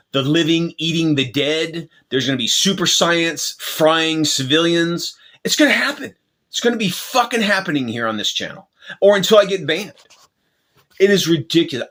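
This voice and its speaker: A man's voice: fairly high pitch, fairly bright tone. A man hosting his own channel, delivering an angry, profane rant with lots of swearing and restarts. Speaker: channel host.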